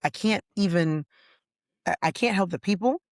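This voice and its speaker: A woman, a retired deputy hosting a podcast, telling on-the-job stories in a steady, matter-of-fact way. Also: mid-range voice, normal speed, no room sound, clean studio sound. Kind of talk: casual storytelling chat.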